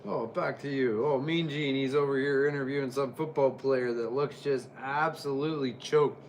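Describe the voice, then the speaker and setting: A man's voice: medium pitch, steady tone, normal speed, a little hiss or hum. A man casually commenting on old wrestling as he watches, rambling and joking. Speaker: wrestling reviewer.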